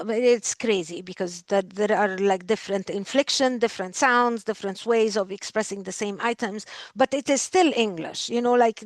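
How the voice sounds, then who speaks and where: A woman's voice: fairly high pitch, no echo. A woman teaching a class in English, explaining patiently and repeating words aloud for drill. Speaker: Arabic language professor. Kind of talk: recorded lecture.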